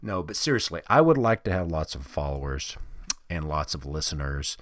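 A man's voice: very deep voice, very animated, normal speed, no room sound, studio quality. A middle-aged man from the Midwest hosting a solo podcast, rambling through profane, self-deprecating stories. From American Midwest. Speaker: podcast host. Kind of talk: casual solo podcast monologue.

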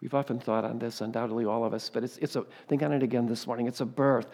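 A male pastor preaching a sermon, swinging between loud, fervent emphasis and quiet asides, often ending points with rhetorical questions. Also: medium pitch, steady tone, fast, big-room sound. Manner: rhetorical tag questions and repeated exclamations.

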